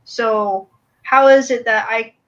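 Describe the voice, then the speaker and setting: A woman's voice: fairly high pitch, steady tone, slow, fairly bright tone. A woman co-hosting a podcast, wondering aloud in casual chat. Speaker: podcast co-host. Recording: dull lo-fi audio.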